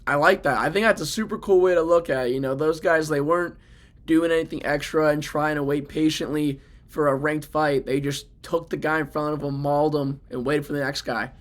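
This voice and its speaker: A man's voice: a little high, fairly even intonation, fairly quick. A man interviewing a fighter, agreeing often and asking follow-up questions. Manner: encouraging, agreeing, asks follow-ups. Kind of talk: casual interview chat.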